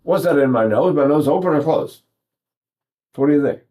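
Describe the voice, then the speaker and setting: A man's voice: a little high, moderate pace. An older man, a voice teacher, giving a casual, chatty singing lesson and breaking off to demonstrate sounds. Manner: animated, chatty, sings and buzzes examples, mimics Italian speech.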